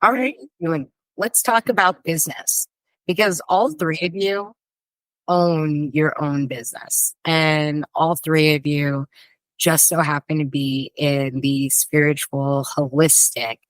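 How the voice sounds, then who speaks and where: A woman's voice: low-pitched, steady tone, slow, dry recording, low-quality recording. A woman hosting a casual podcast chat, bubbly and loose, peppering her talk with "like" and the odd swear word. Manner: bubbly, swears freely, lots of "like". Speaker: podcast host.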